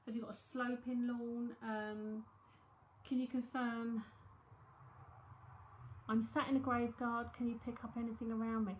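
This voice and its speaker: A woman with a London accent talks her way through a psychic reading, rambling and thinking aloud as she goes. Her voice sits a little high, and the room around her rings with a noticeable echo. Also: little pitch movement, measured pace, pauses often, slight background noise. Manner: chatty, rambling, thinking aloud with many fillers. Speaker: psychic medium. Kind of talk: live-streamed reading, casual chat.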